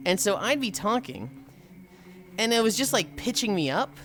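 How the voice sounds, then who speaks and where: A man's voice: high voice, big pitch swings, moderate pace, fairly bright tone. A man livestreaming who reads and answers chat in a casual, profane way and tells stories with voiced impressions.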